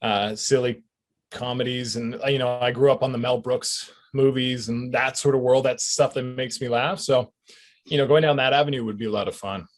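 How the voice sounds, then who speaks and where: A middle-aged Canadian man, an actor, chatting in an interview in a relaxed, reflective way with chuckles and fillers. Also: medium pitch, moderate pace. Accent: Canadian English. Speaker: actor guest. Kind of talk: casual interview chat.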